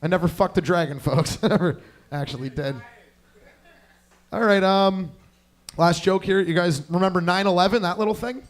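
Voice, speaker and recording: A man's voice: high voice, moderate pace, pauses often. A young man doing a crude, rambling stand-up set, chatting with the crowd on a club stage. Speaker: stand-up comedian.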